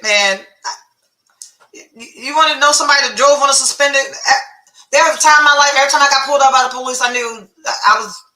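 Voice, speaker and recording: A woman's voice: on the high side, sharp tone, reverberant, rough recording. A middle-aged woman, a podcast host candidly retelling a personal story, full of profanity and quoted dialogue.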